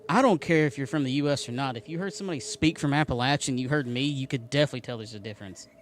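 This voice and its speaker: A man's voice: medium pitch, rapid-fire, a little hiss or hum. Chatty Southern US man streaming. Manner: chatty, joking, talks to his cat and chat. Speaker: streamer playing a game live. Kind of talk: casual live-stream chat.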